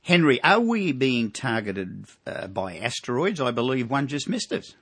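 A man's voice: medium pitch, sing-song, measured pace, fairly bright tone. An Australian man giving a casual radio finance segment, rambling with many fillers and asides.

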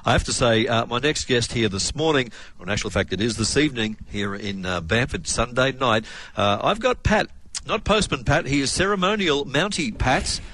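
A man's voice: medium pitch, normal speed, fairly bright tone, a little hiss or hum. Chatty male radio host. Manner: chatty, laughs easily, cheery filler. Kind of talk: live radio interview on location.

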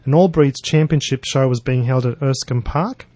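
A man co-hosting a local radio pet show in a friendly, steady way. He reads out event notices and keeps the chat moving. His studio sound is close and dry. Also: medium pitch, normal speed, dry recording. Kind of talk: radio interview and announcements. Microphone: studio microphone.

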